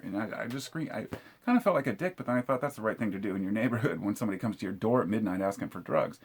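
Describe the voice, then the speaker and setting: A middle-aged man tells a story in a low, slightly husky voice. He talks bluntly and swears freely, raising his voice sharply whenever he quotes himself. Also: animated. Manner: blunt and profane, quick to shout the quoted lines. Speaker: vlogger telling a true story. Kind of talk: casual storytelling monologue.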